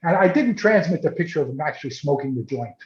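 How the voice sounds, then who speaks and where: Speaking fast in a high voice, a man appearing as a photojournalist guest shares a casual story on a video call. His delivery is lively, full of repeated words and restarts, and the sound comes through dull and roomy.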